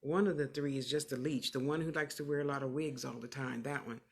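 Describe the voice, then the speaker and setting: A woman working as a clairvoyant medium, giving casual livestream readings in an animated, emphatic, sassy and motherly way, often repeating phrases for emphasis. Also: extremely low pitch, a little fast.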